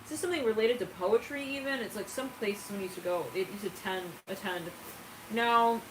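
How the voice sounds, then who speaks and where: A woman's voice: mid-range voice, a little fast. Chatty, giggly woman tarot reader. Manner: chatty and giggly, with frequent asides. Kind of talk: casual channeled tarot reading. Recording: roomy, distant mic with background noise.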